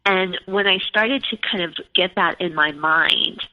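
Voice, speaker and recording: A woman's voice: lowish voice, unhurried. Rambling woman telling her story on a call. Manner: rambling, heavy use of filler "like". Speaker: podcast guest. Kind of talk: casual storytelling interview. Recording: echoey, muffled phone-like call audio.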